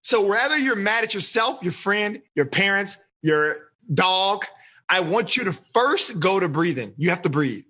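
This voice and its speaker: A man coaching teenagers in a live seminar, quizzing them with lively questions and explaining in a casual, energetic way. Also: high voice, a little slow. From Texas. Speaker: life coach teaching teens.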